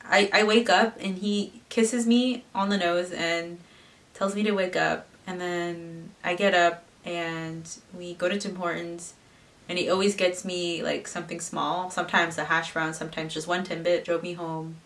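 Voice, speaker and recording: A woman's voice: lowish voice, steady tone, a little slow, fairly bright tone, far from the mic. A young woman in her twenties, chatting casually to camera as a vlogger, swearing freely and slipping into the voices of the people in her story. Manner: chatty, swearing, mimics others in quotes.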